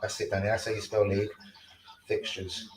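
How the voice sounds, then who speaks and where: A man hosting a casual live stream, sweary and excitable, talking to his chat about football. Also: on the low side, brisk, roomy sound, rough recording.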